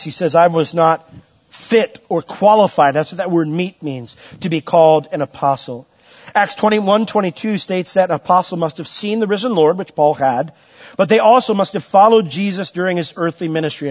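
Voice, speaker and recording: A middle-aged man preaching as a pastor, asking the congregation questions and lifting his voice for emphasis. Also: lo-fi sound. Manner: asks the congregation questions, rises in pitch and volume for emphasis. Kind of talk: sermon.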